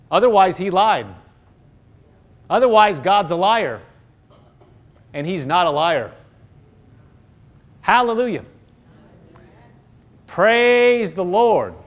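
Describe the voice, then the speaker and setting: Middle-aged guy preaching, pretty high voice, gets fired up and emphatic. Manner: emphatic, rising into fervent quoted prayers. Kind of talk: sermon.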